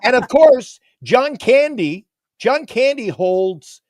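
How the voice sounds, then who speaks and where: Animated, excitable male sports talker. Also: extremely high pitch, slow, dry recording, clean studio sound. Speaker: sports talk show co-host. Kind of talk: casual sports chat.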